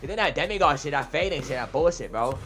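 A young man streaming a reaction, talking casually and excitably, trash-talking his chat and saying "bro" constantly. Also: a little high, quick pace, faint music behind. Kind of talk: casual livestream reaction talk.

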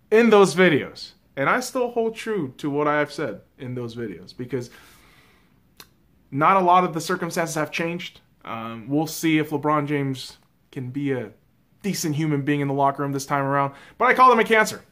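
A man's voice: fairly high pitch, animated, normal speed, pushed and bright. A man hosting his own sports vlog, ranting casually with a lot of swearing and addressing his audience as boys and girls. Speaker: sports vlogger. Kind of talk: casual profane rant.

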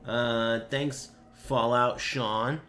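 A man chatting casually while streaming a game, swearing and bursting into shouts and laughs. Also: medium pitch, steady tone, drawn-out words, faint music behind. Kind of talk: casual gaming stream chat.

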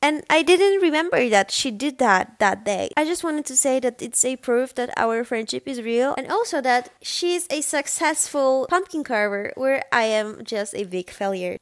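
A woman's voice: sits high, lively intonation, moderate pace, few pauses, dry recording, clean studio sound. A woman in her twenties recording a casual, self-deprecating voice-over for her vlog. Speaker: vlogger.

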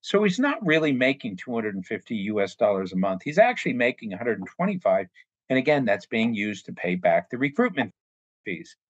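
A man's voice: medium pitch, no echo, muffled recording. A man giving an earnest, plain-spoken explanatory talk on forced labor, now and then acting out short quoted exchanges. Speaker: anti-trafficking speaker. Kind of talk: explanatory talk with acted-out dialogue.

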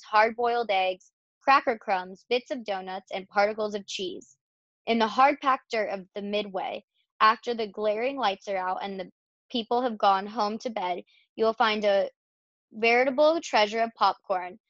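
A wise old sheep talks slowly and temptingly, dwelling on each item, as a woman voices her in a storybook. The recording is dull and dry. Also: medium pitch, a bit bright, dry recording, natural voice. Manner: lingering over long lists.

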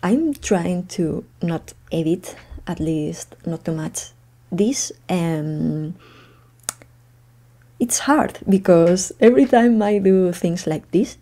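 A woman's voice: lowish voice, animated, takes it slowly, warm tone. A woman from Spain, hosting her podcast in a casual, unedited monologue, chatty and hesitant with frequent laughs. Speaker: podcast host. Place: home room.

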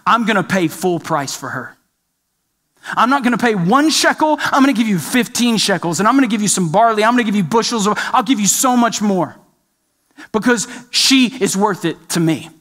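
A man's voice: high-pitched, expressive, moderate pace, a bit bright, long reverb tail. A man voicing a devoted husband who speaks with earnest, emphatic resolve. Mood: resolute.

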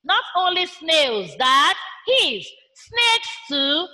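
Slow sing-song Nigerian woman teacher. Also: high voice, very animated, sharp tone. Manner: slow, sing-song, imitates animal sounds. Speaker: primary school teacher. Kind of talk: online class for young children.

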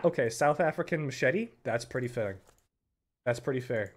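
A young man giving live commentary on a game, excitable, breaking into loud yells and laughter. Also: mid-range voice, normal speed. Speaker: game streamer.

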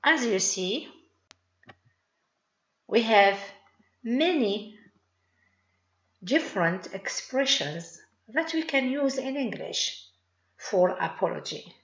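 A woman with a Moroccan accent, a native Arabic speaker, teaching an online English lesson in a slow, deliberate way and praising her learners. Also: fairly high pitch, lively intonation, fairly bright tone. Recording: roomy echo.

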